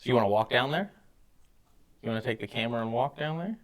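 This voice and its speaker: A man calls out playful, teasing questions to the spirits during a ghost hunt in an old jail. His pitch moves around a lot as he talks. Faint hiss runs underneath. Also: lively intonation, fast. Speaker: paranormal investigator. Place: inside an old jail at night.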